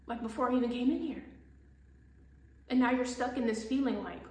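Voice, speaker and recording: A woman's voice: on the high side, brisk, a little mellow, far from the mic. A woman giving a casual tarot reading in a blunt, profane, exasperated way, laughing often. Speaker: tarot reader. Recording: echoey room with faint hiss.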